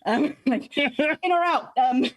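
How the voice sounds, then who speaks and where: A woman with a high voice, telling a comic story with lots of giggles. She talks in an animated, sweary way. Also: slow. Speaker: comedian panelist. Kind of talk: comedic storytelling on a live stream. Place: at home over a video call.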